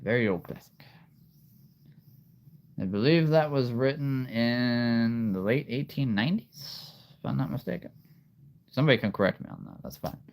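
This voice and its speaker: A man's voice: medium pitch, moderate pace, pauses often, darkish tone. A man chatting casually on a live stream, rambling and laughing often.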